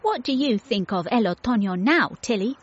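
A woman's voice: a little high, lively intonation, moderate pace, breathy edge. Woman doing Ralph, a cheerful playful friend. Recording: dull lo-fi dry recording.

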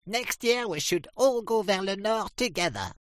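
A man squeaking as a flock of curious ducks. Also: wildly swooping pitch, slow pace, fairly bright tone, full character voice. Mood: excited. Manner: chorus of squeaky, questioning cries.

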